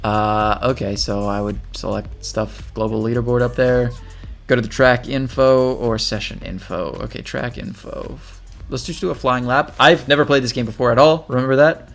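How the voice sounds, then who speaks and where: Gravelly-voiced man chatting through gameplay. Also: medium pitch, steady tone, moderate pace, a bit bright, soft background music. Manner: chatty, thinking aloud while playing. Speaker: gaming channel host. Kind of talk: casual gameplay commentary.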